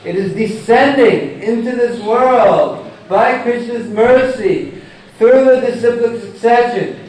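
A man's voice: very high-pitched, animated, a little mellow. Man lecturing in an echoey hall. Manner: deliberate, chants Sanskrit verses, explains by example. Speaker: religious lecturer. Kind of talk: scripture lecture. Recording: echoey hall, distant mic, faint noise.

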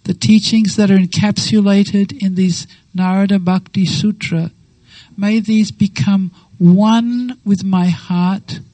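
A woman giving a devotional talk, telling a sacred story with lively acted-out quotes and slow, reverent phrasing. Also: mid-range voice, no echo, poor audio. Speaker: devotional speaker.

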